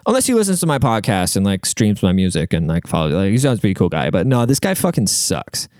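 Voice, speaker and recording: A man's voice: lowish voice, big pitch swings, fast, a little mellow, dry recording, studio quality. A young man hosting an advice podcast, crude and emphatic, swearing freely as he reacts to listener letters. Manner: profane, blunt, emphatic. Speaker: podcast host giving advice. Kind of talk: crude casual advice rant.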